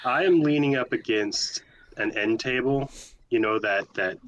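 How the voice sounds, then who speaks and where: A man's voice: medium pitch, a bit bright, highs cut off. A man playing a tabletop game, talking matter-of-factly. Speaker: player. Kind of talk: tabletop role-play chat.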